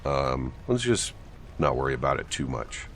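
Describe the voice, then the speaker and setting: A man co-playing on a livestream, relaxed and practical as he directs the building. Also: very deep voice, moderate pace, soft background music. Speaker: guest co-player. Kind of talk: casual gaming livestream chat.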